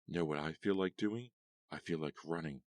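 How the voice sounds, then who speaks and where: A man with a very deep voice reading a scornful, sharp-tongued young female vampire in an audiobook. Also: moderate pace, no room sound. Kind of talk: audiobook character voice.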